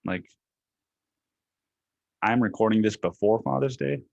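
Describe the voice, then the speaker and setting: A man's voice: fairly low pitch, a little slow, gravelly, a little mellow, no echo, highs cut off. A man hosting a solo podcast, talking casually in a rambling, profane way full of fillers and restarts. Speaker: podcast host.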